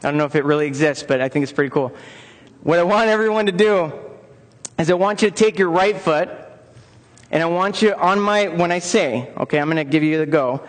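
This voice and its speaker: A man with a rather high voice leads an interactive lecture for personal trainers. He talks in an upbeat way and keeps coaxing the audience to take part. His voice rings out with the long reverb of a large conference hall. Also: fairly quick. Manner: upbeat, coaxes the audience into joining in.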